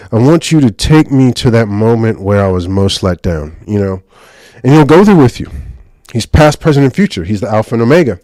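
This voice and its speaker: A man preaching informally about deliverance prayer. He gets excited, speaks in quick bursts and keeps checking in with "right?". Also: medium pitch, no echo. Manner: excitable, rapid bursts, frequent "right?" tag questions. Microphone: handheld or stand mic, speaking to a live group.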